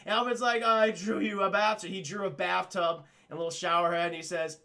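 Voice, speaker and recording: A man's voice: sits high, fairly even intonation, gravelly, bright, forceful tone. A man casually recapping a cartoon for his livestream chat, rambling and profane, often addressing the chat and acting out characters. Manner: acts out characters in quick voices. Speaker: streamer reviewing a cartoon.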